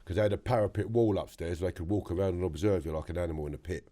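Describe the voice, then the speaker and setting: A man with a London accent telling his story as a podcast guest, blunt and animated, swearing freely. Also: deep voice, rapid-fire. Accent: London English. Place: podcast studio.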